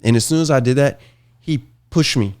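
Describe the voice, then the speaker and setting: A middle-aged man hosting a podcast, swearing freely and telling animated stories with frequent laughter. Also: medium pitch, normal speed. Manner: profane, animated storyteller, laughs often. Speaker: podcast host. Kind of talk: casual chat, storytelling.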